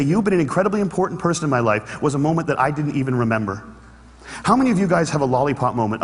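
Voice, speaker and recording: A man delivers an inspirational stage talk, mixing humor with earnest conviction. His voice is fairly high and quick. A long reverb trails his words through the hall. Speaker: public speaker. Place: large hall with an audience.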